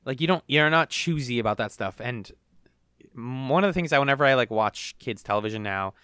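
A young man co-hosting a podcast, chatting casually and rambling through animated retellings. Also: medium pitch, brisk, clean tone, no room sound, studio quality. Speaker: podcast co-host. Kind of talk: casual chat.

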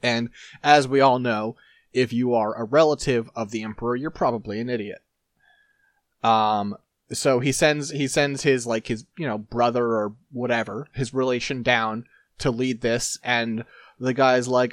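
A man's voice: mid-range voice, fairly even intonation, measured pace, no echo, studio quality. A man co-hosting a casual book discussion, rambling and jokingly paraphrasing characters. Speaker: podcast co-host.

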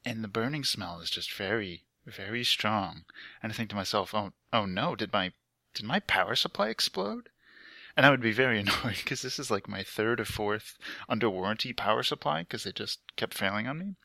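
A man's voice: lowish voice, brisk, creaky, bright, forceful tone, no room sound. Chatty young man on a headset mic. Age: young adult. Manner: rambling, chatty storytelling with frequent "like" fillers. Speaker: podcast co-host. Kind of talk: casual chat. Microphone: laptop headset mic.

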